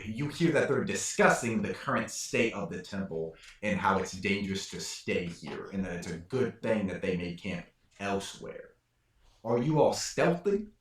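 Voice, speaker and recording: A man with a Welsh accent running a tabletop game as game master, talking casually and laughing often. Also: on the low side. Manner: laughing often, animated and quick. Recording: far from mic, very echoey room.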